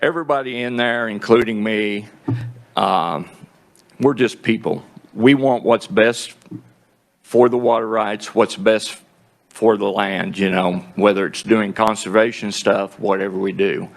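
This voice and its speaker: A man testifying before a committee, halting and plain-spoken, clearing his throat often. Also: fairly low pitch, fairly even intonation. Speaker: groundwater district representative testifying.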